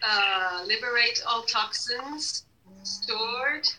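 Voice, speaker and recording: A woman leading a guided energy healing session, giving slow repeated commands to an unseen device with many hesitations. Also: fairly high pitch, animated, bright, forceful tone, a little hiss or hum, low-quality recording.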